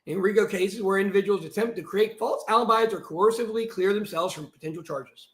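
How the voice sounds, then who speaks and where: A man on a live stream, reading a document aloud and breaking into heated, shouted asides. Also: high-pitched, a little fast, echoey room. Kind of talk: livestream monologue reading out a document.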